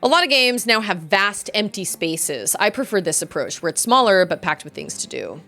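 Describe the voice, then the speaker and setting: A woman's voice: medium pitch, moderate pace. Young woman streamer chatting while she plays, giggly, voice jumps all over, bit of game music behind. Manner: chatty, giggly, squeals excitedly at game moments. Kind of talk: casual gameplay chat with viewers.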